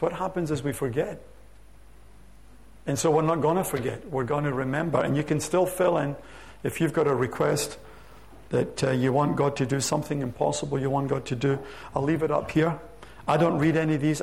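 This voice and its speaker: A man preaching a sermon to his church, reading scripture aloud with slow, emphatic stress. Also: on the high side, vocal fry, a little mellow. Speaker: pastor. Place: church sanctuary.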